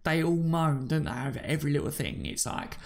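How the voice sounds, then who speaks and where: A man's voice: on the high side, quick pace. A man hosting a live fan stream, chatting casually, reading out viewer comments and calling people mate and buddy. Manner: chatty and matey, calls listeners mate and buddy.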